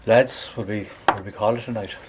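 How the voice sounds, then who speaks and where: An actor playing a brusque, skeptical Irish drinking pal who brushes off superstition, in a stage play. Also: male voice, fairly low pitch, steady tone, moderate pace, heavy background noise, natural voice. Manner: brusque, dismissive. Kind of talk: filmed stage play acting. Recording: music clearly underneath.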